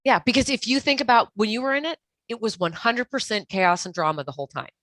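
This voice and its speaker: A woman's voice: fairly high pitch, fast, a bit bright, no echo. A woman speaking as a guest expert in a podcast interview, giving earnest, direct advice with frequent restarts. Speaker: guest expert on toxic relationships.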